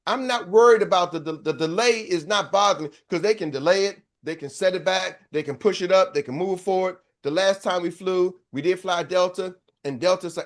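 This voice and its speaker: A middle-aged sales coach's voice sits high as he moves fairly quickly with few pauses. In his motivational talk he tells stories in a preachy manner and calls out to his audience.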